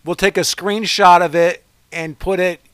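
A man's voice: sits high, fairly even intonation, measured pace, a bit bright, smooth, dry recording. A man hosting a podcast interview, eager and enthusiastic as he asks questions. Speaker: podcast host.

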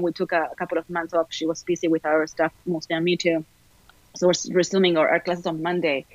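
A middle-aged actress, chatting in an upbeat way as a podcast guest, talking fast in bursts. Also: female voice, lowish voice, no room sound, highs cut off. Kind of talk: casual podcast chat.

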